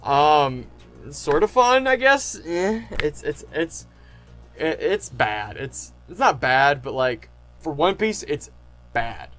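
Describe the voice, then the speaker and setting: A man talks through his favorite story arc in a loose, rambling way, padding every thought with fillers. His voice sits a little high for a man, and he gushes like an eager fan. Faint music plays quietly underneath. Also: slow pace. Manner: excitable fan gushing. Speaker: anime reviewer. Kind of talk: casual retrospective chat.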